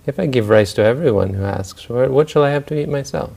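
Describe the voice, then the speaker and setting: A man's voice: medium pitch, fast, creaky, a little mellow. A man voicing a haughty, stingy rich man in a spoken story, with a lofty, disdainful manner.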